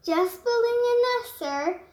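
A woman voicing a cheerful, pushy male songbird who talks fast and excitedly. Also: very high-pitched, roomy sound, pitched above the performer's own voice. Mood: chirpy. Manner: quick, excited, loud chirping talk.

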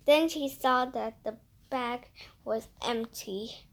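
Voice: mid-range voice, slow pace, creaky. A reader telling a children's chapter book aloud, lifting the voice for each character. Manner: lively, gives characters brighter voices. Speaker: storybook reader.

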